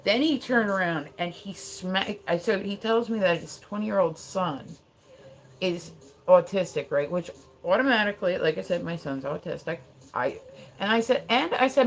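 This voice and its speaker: A woman's voice: medium pitch, expressive, moderate pace, slight background noise. A woman streamer telling a story on her live stream in a heated, profane way, full of "like" and "right?".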